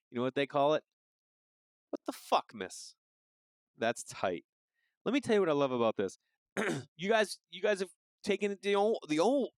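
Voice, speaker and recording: A man in his forties riffs through a comedic monologue, loose and profane. His voice is smooth and full, and the recording is close and dry with no room sound. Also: mid-range voice, no room sound. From Massachusetts. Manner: loose, profane, riffing with asides. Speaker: podcast host.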